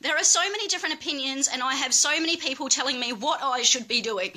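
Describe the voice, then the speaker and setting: A woman's voice: high-pitched, lively intonation, quick pace, pushed and bright. A woman speaking as a cannabis activist, making an angry, emphatic plea and repeating her points with swearing. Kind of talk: impassioned plea.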